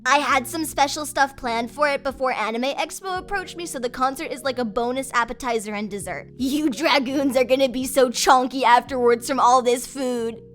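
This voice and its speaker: A woman putting on an impression of a lively, raspy young woman streamer with bright, spiking vowels. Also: sits high, moderate pace, hardly any pauses, faint music behind. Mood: bubbly.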